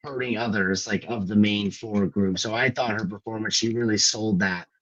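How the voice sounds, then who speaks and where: A man's voice: fairly low pitch, fairly even intonation, moderate pace, a bit bright. A man co-hosting a podcast, talking loosely and hesitantly about a film and searching for his words. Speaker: podcast co-host. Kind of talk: casual film discussion. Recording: slightly dull lo-fi audio.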